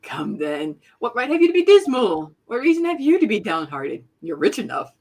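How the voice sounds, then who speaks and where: A man's voice: very high voice, wildly swooping pitch, normal speed, a little mellow, voice pushed up, exaggerated voice. A man voicing a cheerful young nephew, reading a comic book aloud in a merry, pleading manner.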